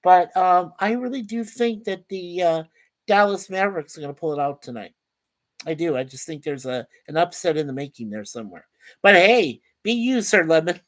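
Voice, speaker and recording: A man's voice: high voice, animated, moderate pace, fairly bright tone. A chatty man hosts a casual livestream in an easygoing, rambling way. He reads out viewer comments, welcomes people one by one, and trips over his words now and then. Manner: chatty, stumbles and repeats words. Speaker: livestream host.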